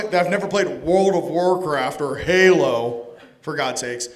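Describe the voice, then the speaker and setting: A man giving a casual, joking lecture to a live conference audience, animated and profane, addressing people directly. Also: on the high side, moderate pace. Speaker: conference speaker. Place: conference hall stage.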